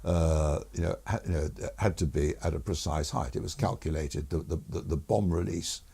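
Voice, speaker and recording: An older man, a retired air force officer telling stories in a relaxed interview, chuckling and restarting as he goes. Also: a bass voice, normal speed, gravelly, husky. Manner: chuckles through stories, many fillers and restarts.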